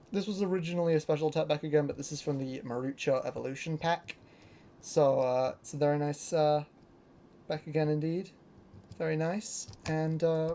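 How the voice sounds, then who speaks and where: A young British toy collector with a mid-range voice chats casually through a show-and-tell, excitable and rambling with plenty of fillers.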